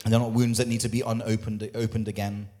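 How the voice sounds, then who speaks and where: A man's voice: lowish voice, flat delivery, fast, warm tone. A man preaching a sermon as lead pastor, emphatic, repeating phrases and asking the congregation questions. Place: church.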